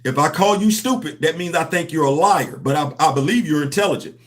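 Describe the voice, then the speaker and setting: Animated high-voiced man ranting on a livestream. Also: fairly quick. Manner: animated, preachy, slangy, addresses chat directly. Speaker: host of a comics livestream. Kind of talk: casual livestream commentary.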